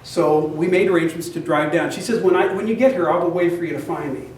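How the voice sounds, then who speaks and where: A man's voice: fairly high pitch, fast talker, a little mellow, a little hiss or hum. An older man giving a talk to an audience, chatty, telling a personal story and laughing along with it. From United States. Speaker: guest speaker. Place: meeting room, recorded from across the room. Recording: very echoey, distant room recording.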